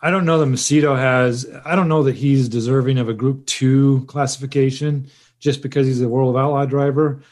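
A man's voice: medium pitch, steady tone, brisk, darkish tone. A man co-hosting a casual podcast chat, talking hesitantly with many restarts and fillers. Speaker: podcast co-host.

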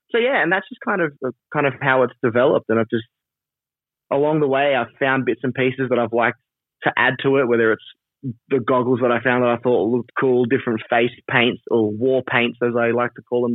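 A man being interviewed about his wrestling persona, animated and rambling, laughing often and full of fillers. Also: medium pitch, no room sound. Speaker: wrestler and trainer, interview guest. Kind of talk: casual interview over a call. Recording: tinny phone-like line, dry.

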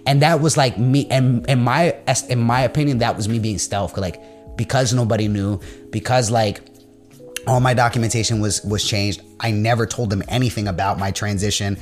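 A man's voice: on the low side, fairly even intonation, moderate pace, faint music behind. A man telling a personal story in casual chat, rambling with lots of filler words and blunt, profane talk.

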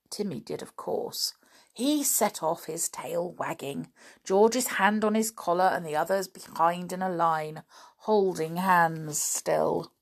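Expressive slow woman storyteller. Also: lowish voice, creaky. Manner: expressive, dramatic reading. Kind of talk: children's audiobook narration.

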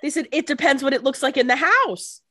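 A woman co-hosting a casual podcast, throwing in quick jokes and asides. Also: sits high, expressive, sharp tone, dry recording, clean studio sound. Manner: joking asides, quick quips. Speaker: podcast co-host. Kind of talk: casual chat.

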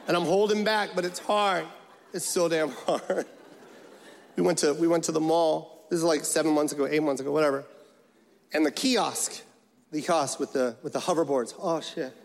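A man doing a profane, animated stand-up comedy routine, acting out voices as he tells a story. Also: a little high, normal speed, gravelly. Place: large venue with a live audience. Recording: echoey hall, loud crowd.

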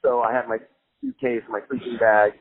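A man telling a story in a casual, animated way, laughing as he goes and swearing freely. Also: mid-range voice, normal speed, no room sound. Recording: tinny phone-like sound with faint music.

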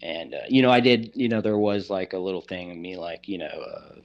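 Guest spot: very low-voiced man, meandering halting storyteller, dull lo-fi sound. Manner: rambling, halting, heavy on "you know" and "like". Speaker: guest telling a personal story. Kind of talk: casual storytelling.

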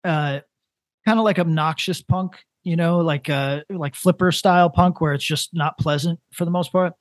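A man in his thirties co-hosting a casual comedic podcast, rambling in a deadpan way with lots of restarts. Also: a little high, normal speed, dry recording. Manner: rambling, deadpan, building to a prank. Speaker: podcast co-host.

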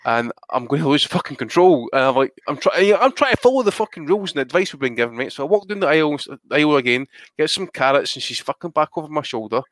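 A man's voice: a little high, expressive, fast talker, fairly bright tone, no echo. A Scottish man co-hosting a podcast, telling long rambling stories in casual chat, swearing constantly as he goes. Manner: profane, rambling storyteller. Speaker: podcast co-host.

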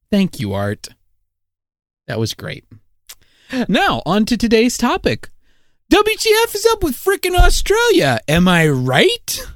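A man co-hosting a comedy podcast, reading his script in a wry, deadpan way. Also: mid-range voice, dry recording, clean studio sound. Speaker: podcast co-host. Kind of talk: jokey scripted podcast narration.

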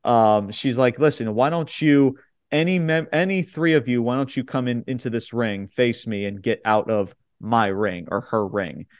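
A man's voice: medium pitch, normal speed, dry recording, clean studio sound. A man co-hosting a podcast, recapping a wrestling show in casual chat, blunt and swearing freely as he quotes the wrestlers. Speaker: podcast co-host.

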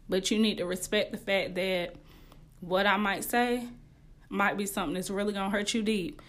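A young woman hosting a podcast, giving casual relationship advice in a candid, slangy way and laughing often. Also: mid-range voice. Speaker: podcast host.

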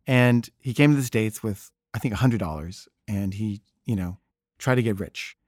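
A man's voice: on the low side, moderate pace, a little mellow, no room sound, clean studio sound. A man casually telling a personal story in a rambling, wry way, full of fillers.

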